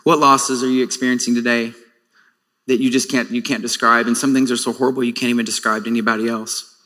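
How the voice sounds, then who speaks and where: A man in his forties sharing a personal testimony in a sermon, earnest and reflective, often pausing with fillers and restarting his sentences. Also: medium pitch, flat delivery, bright, forceful tone, in a large hall.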